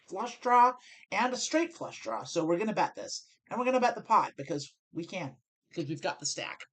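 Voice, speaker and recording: An American woman hosts a live poker stream, thinking aloud through each hand. She talks in a casual, even way and often catches and corrects herself mid-sentence. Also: on the low side. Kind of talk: live-stream strategy commentary.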